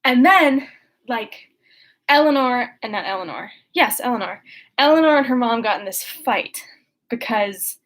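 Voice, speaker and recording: A woman's voice: a little high, animated, a little slow, a bit bright. A young woman chatting in a rambling way from her bedroom, then reading a book aloud. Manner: rambling, chatty, full of fillers. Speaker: host and reader. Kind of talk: casual chat and reading aloud.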